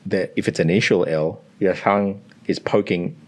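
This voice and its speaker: A man's voice: sits low, steady tone, normal speed. An Australian man working as a language coach, explaining pronunciation and demonstrating sounds aloud in a teacherly way. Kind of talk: explanatory analysis.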